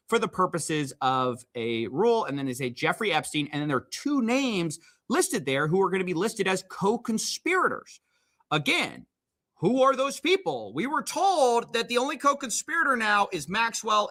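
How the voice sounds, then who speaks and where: A man's voice: high voice, bright, forceful tone. A man giving explainer commentary, reading documents aloud with emphatic, sarcastic remarks. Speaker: commentator in a played video.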